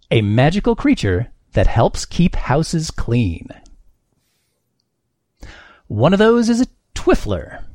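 A man hosting a word game with a voice set a little high that swings widely as he jokes. He reads out definitions and trades puns with his panel, recorded close and dry. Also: a little mellow, dry recording. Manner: playful, punning, reads definitions aloud. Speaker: game show host.

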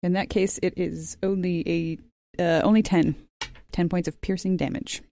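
A woman's voice: on the low side, level tone, moderate pace, dark tone, a little hiss or hum. A woman playing a tabletop game, methodically checking the rules before each move. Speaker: player.

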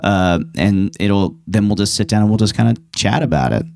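A man's voice: on the low side, normal speed, creaky, darkish tone, no echo. A man on a podcast as a guest, telling stories in casual chat, with lots of restarts. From New York. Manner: chatty, rambling storyteller with many restarts.

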